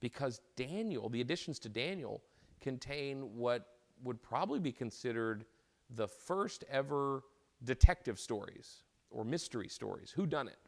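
A man's voice: medium pitch, expressive, moderate pace, creaky. A man teaching an informal lecture as a Bible teacher, retelling a story in a conversational way and often repeating and restarting his words.

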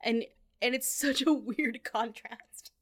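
A woman co-hosting a casual movie podcast, animated, laughing often and trailing off mid-thought. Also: fairly high pitch, slow. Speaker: podcast co-host. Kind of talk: casual movie-review chat.

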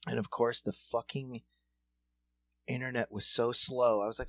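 A man's voice: mid-range voice, little pitch movement, moderate pace, pauses often, fairly bright tone, no room sound. Podcast guy rambling a funny story, average voice, dead dry mic. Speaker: podcast co-host. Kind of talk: casual chat.

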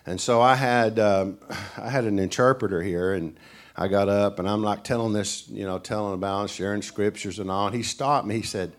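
A man's voice: on the low side, moderate pace. A middle-aged man with an East Tennessee Southern accent, a guest preacher telling folksy stories in a sermon and acting out the characters. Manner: animated storyteller who acts out characters.

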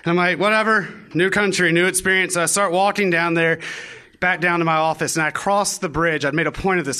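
On a live venue stage, a young man tells an audience a funny personal story in a fairly high, pushed, bright voice. He's wry and self-mocking, acting out the lines he quotes.

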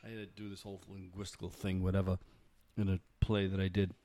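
A man's voice: low-pitched, flat delivery, fast, dark tone. A man in casual conversation, joking about himself and slipping into impressions of other people. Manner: jokey, self-deprecating, does voices and impressions. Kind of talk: casual chat.

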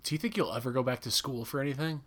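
Mid-pitched man, relaxed and sweary, chatting with a friend. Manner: casual and swearing, with quick nervous asides. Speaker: conversation partner. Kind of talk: casual chat.

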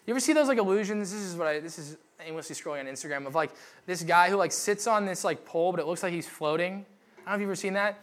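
A young adult man preaching a casual sermon, chatty and joking, with many fillers and quick asides to the congregation. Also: sits high. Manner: chatty, joking, lots of "like" and "right?". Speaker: pastor.

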